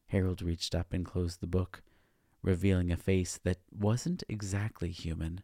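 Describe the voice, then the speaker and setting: A man narrating a first-person story in a measured, even reading. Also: low-pitched, no room sound, clean studio sound.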